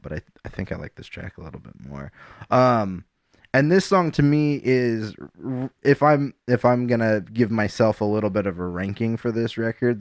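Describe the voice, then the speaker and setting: A man co-hosts a laid-back music podcast, talking low and unhurried. He circles around his points with fillers and restarts. The sound is close and dry, with no room in it. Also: no echo. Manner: rambling, halting, many restarts and fillers. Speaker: podcast co-host. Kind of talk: casual chat about music.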